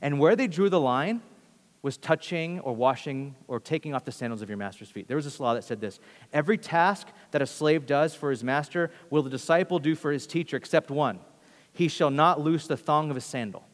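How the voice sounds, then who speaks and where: A man preaching a sermon, telling the story with animated quoted voices and swinging from loud to hushed. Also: on the high side, brisk, long reverb tail.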